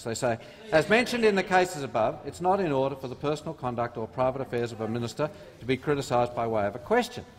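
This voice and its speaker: Australian minister, high-pitched for a man, jabbing at the other side, long echo of the chamber. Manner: combative, mocking, reads rules aloud. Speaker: government minister in parliament. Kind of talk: parliamentary debate speech. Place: parliament chamber. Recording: reverberant parliament chamber.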